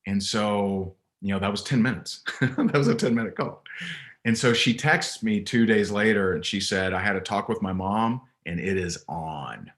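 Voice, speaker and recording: Here a business coach being interviewed shares an anecdote from one of his coaching calls, emphatic and conversational. He frequently restarts thoughts with repeated words, talking at normal speed with hardly any pauses in a fairly low, fairly bright voice.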